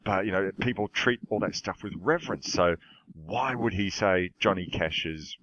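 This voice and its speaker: Deep-voiced man rambling on a podcast. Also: fairly bright tone, no echo, lo-fi sound. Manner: rambling, halting, many restarts. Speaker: podcast host. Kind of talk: casual film discussion.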